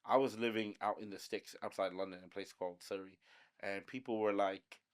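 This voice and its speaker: Lower-voiced man with an American accent. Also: brisk. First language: Bangla. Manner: relaxed storytelling, many fillers. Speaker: podcast host. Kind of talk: casual chat.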